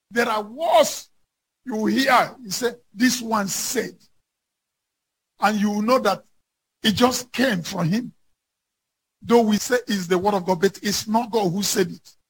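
A man's voice: high-pitched, gravelly, slightly rough, rough recording. A man preaching a sermon in a fervent, emphatic way, quoting scripture.

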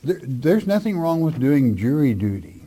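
A man's voice: medium pitch, sing-song, dark tone, husky. A man, a pastor, reading listener questions aloud and answering them in a blunt, plain-spoken Bible-teaching style. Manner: blunt, plain-spoken, slow emphatic spelling out.

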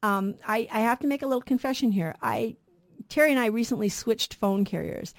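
A woman's voice: fairly high pitch, brisk, gravelly. A middle-aged woman co-hosting a radio Bible program, teaching earnestly and asking rhetorical questions.

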